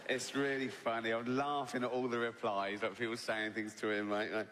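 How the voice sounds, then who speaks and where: A man's voice: mid-range voice, flat delivery, normal speed, a bit bright. A man performing stand-up comedy on a theatre stage, talking conversationally and asking "right?" at the end of his lines. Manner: conversational, asks "right?" constantly. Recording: live theatre reverb, audience noise.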